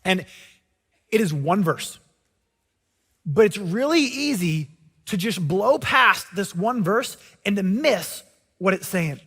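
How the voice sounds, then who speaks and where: High-voiced pastor preaching in a reverberant hall. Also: male voice, takes it slowly, long pauses, husky. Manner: animated storytelling, acting out characters' lines. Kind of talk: sermon.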